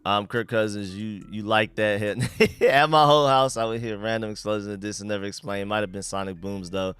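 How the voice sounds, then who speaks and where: A young man from the United States hosting a live stream, chatting casually and shouting out viewers and donations. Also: lowish voice, steady tone, brisk, clean tone, dry recording, soft background music. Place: home room.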